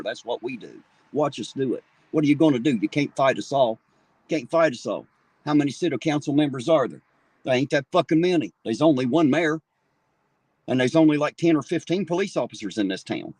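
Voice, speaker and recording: This livestream host, a man in his 40s, talks into his phone outside in an angry, swear-filled street rant. His medium-pitched voice is animated, brisk, a little mellow and husky, on a dry recording.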